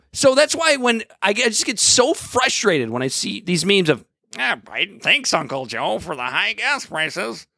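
A man co-hosting a casual podcast from a home studio, ranting with big swings in pitch. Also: no room sound. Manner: animated, rants with sharp swings in pitch. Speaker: podcast co-host. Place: hot home studio room.

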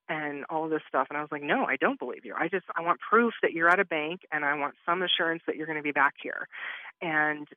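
A woman's voice: low voice, fairly quick, no room sound. Woman telling her story over a muffled line. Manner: animated retelling, acts out quoted exchanges. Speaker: interview guest recounting her experience. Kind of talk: conversational storytelling.

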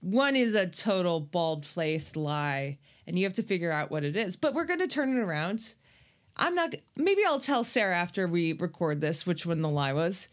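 A woman's voice: lowish voice, very animated, normal speed. A woman co-hosting a podcast in casual chat, playful and self-mocking. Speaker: podcast co-host.

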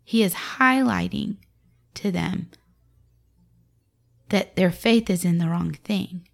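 A woman's voice: fairly low pitch, slow, vocal fry. A woman, around her forties, giving a conversational devotional talk to mothers on a scripture story, acting out the quoted lines with feeling. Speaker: Christian speaker to mothers.

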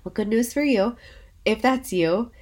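A woman's voice: on the high side, a little slow, a little mellow, a little hiss or hum. A woman hosting a solo podcast, talking in an encouraging, chatty way while her voice is worn from being sick. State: sick, voice under the weather. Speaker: podcast host.

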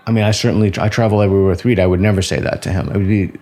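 A man with a fairly low voice speaks plainly and directly. He cuts in to challenge and clarify points. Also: fairly even intonation, racing, warm tone. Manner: direct, interrupting. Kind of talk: conversational interview.

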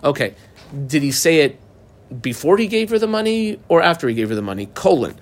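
A man with a brisk, somewhat high voice teaches a daf yomi Gemara class, reading the Aramaic text and translating it line by line. He's animated and marks up the page aloud as he goes.

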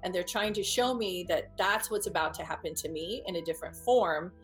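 A woman's voice: on the low side, soft background music. Earnest woman telling her own story. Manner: earnest and vivid, with halting restarts and repeated phrases. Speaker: speaker recounting a personal experience. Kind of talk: first-person storytelling to an audience.

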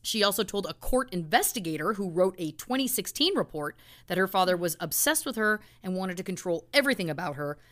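A woman's voice: fairly high pitch, fairly bright tone. A woman co-hosting a casual true crime podcast, telling the story in a chatty way with indignant asides. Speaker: podcast co-host.

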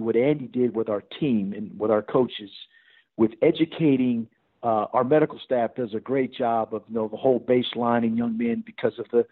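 A middle-aged man, a head football coach, talking in a rambling way full of restarts and fillers. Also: mid-range voice. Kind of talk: podcast interview over phone. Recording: tinny phone line.

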